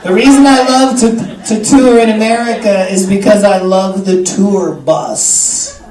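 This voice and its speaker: A man from Canada, talking as the guest at a live interview, joking, swearing and acting out quotes in an animated way. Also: high voice, unhurried, some chatter behind. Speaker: guest author. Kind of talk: live interview before an audience. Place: live event in a bar venue. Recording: echoey room, far from the mic, audience noise.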